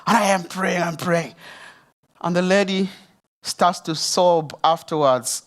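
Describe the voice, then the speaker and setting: A man giving an emotional church testimony, talking straight to the audience. He preaches emphatically, rising loud and high, then dropping soft and low. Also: a little slow. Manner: addresses the audience directly. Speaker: speaker sharing a testimony at a church service.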